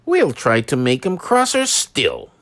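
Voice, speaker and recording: A man plays a spiteful railway brake van in a toy-train storybook, sniggering and scheming in a shrill, high voice. The lines come slowly and swoop widely. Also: wildly swooping pitch, fairly bright tone, no echo.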